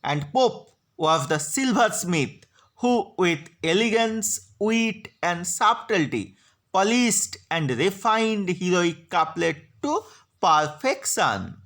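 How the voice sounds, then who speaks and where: A woman giving a slide lecture on poetry, slowly spelling out syllables and stresses. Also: fairly low pitch, lively intonation. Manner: slow, deliberate, spelling out syllables. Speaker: literature lecturer.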